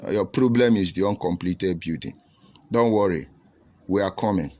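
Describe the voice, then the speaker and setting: A man's voice: deep voice, moderate pace, a little mellow. A man with a Nigerian English accent, a preacher hosting a livestream, answering viewer comments in a combative, preachy way full of rhetorical questions.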